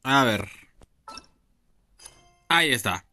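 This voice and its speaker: Brief: man, relaxed let's-play talk with crude jokes. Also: medium pitch, slow pace, creaky, soft background music. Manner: casual, swears freely. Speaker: game streamer. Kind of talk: casual let's play commentary.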